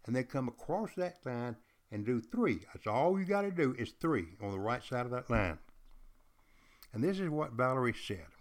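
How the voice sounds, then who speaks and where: An older man, a retired teacher, hosting a podcast and telling history in an emphatic, repetitive way, speaking straight to his listeners. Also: mid-range voice. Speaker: podcast host. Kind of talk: storytelling history lecture.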